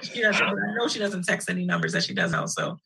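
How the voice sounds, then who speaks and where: A woman co-hosting a casual chat show, chatty and quick to laugh as she tells stories. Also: fairly low pitch, huge pitch swings, gravelly, pushed and bright, husky, rough recording. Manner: chatty, storytelling, laughs easily. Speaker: co-host.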